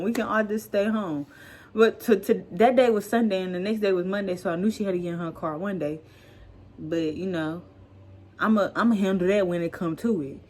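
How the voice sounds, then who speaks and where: A young woman vlogger telling a story casually, animated and acting out the dialogue. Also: mid-range voice.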